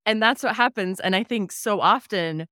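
A woman host reflecting calmly in a conversation, affirming and thoughtful. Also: mid-range voice, normal speed, no room sound, studio quality.

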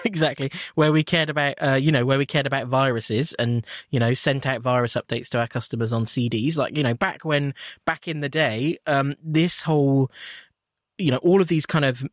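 A man's voice: mid-range voice, fairly even intonation, normal speed, dry recording. Reflective man in a dry close recording. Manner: reflective, hedging with many fillers. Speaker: panelist in a cybersecurity discussion. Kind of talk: casual panel discussion.

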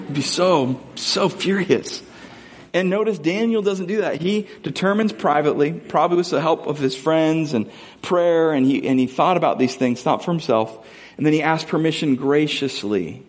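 A man's voice: fairly high pitch, moderate pace. A man in his thirties, a pastor preaching a conversational sermon, earnest and often asking the congregation questions.

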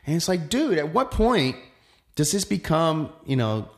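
A man's voice: fairly high pitch, big pitch swings, a little slow. Reflective man musing on performing. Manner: reflective, rambling, many fillers and restarts. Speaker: musician and actor. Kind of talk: casual chat.

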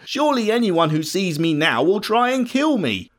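A man's voice: sits high, very animated, normal speed, fairly bright tone. A man voicing Cain, a bitter, resentful young man with a sullen, complaining manner, in a storybook reading.

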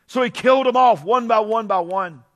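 Middle-aged man, pastor in the pulpit; high voice, chatty asides building into shouted, stretched-out preaching. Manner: swings from conversational asides to shouted, drawn-out preaching. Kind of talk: Pentecostal-style preaching. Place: church sanctuary.

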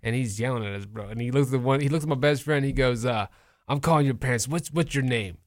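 A young man chatting casually on a podcast, telling stories in an animated way, swearing and acting out other people's voices. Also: medium pitch, quick pace. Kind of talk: casual storytelling chat.

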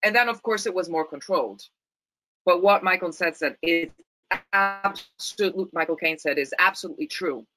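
Woman from Rome, Italian accent, reflective interview guest with restarts; tense, crisp tone, dry close sound. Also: lowish voice, normal speed, sharp tone, no room sound, faint music behind, rough recording. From Italy, Rome. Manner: thoughtful, many restarts and repeated words. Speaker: actress, guest. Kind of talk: interview conversation.

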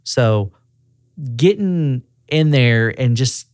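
This regional auto repair shop director draws out his words in a mid-range male voice, recorded dry and clean in a studio. Sitting for a casual podcast interview, he's an animated storyteller who performs the quoted dialogue.

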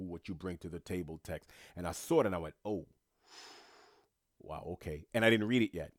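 A deep-voiced man hosts a podcast episode, speaking to his listeners in a casual, earnest monologue. He often restarts and repeats words. The sound is studio quality with no room sound.

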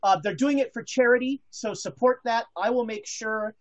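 A woman's voice: fairly high pitch, normal speed, muffled recording. A woman hosting a casual chat show, talking with many fillers and restarts. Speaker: podcast host.

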